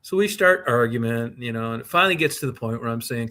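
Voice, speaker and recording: A man with a bright, sharp-edged voice tells a long personal story on a casual podcast. He swears at nearly every turn and rambles freely, circling back through the tale. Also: mid-range voice, lively intonation, fast. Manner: profane, rambling anecdote-telling. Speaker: podcast co-host. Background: co-host's short reactions.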